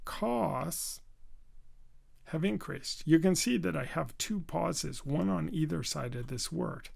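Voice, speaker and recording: A man teaching business communication at a very unhurried pace, placing deliberate stress on key words. His voice sits a little high and carries a heavy gravelly fry throughout. The delivery is steady and instructional. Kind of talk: instructional video lesson.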